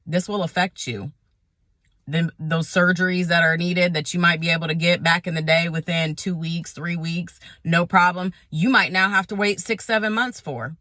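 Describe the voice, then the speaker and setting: A woman's voice: fairly low pitch, fairly even intonation, normal speed, bright, forceful tone, dry recording, clean studio sound. A woman nurse giving a frustrated, emphatic vlog rant, repeating points for emphasis. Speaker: nurse vlogger.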